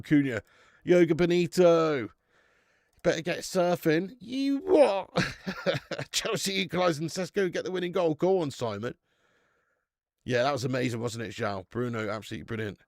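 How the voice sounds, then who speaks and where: A man's voice: mid-range voice, vocal fry, dry recording, studio quality. A young man hosting a live football watch-along, cheering, swearing and chatting with his viewers. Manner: excitable, swearing, banter with chat. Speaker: fan channel host.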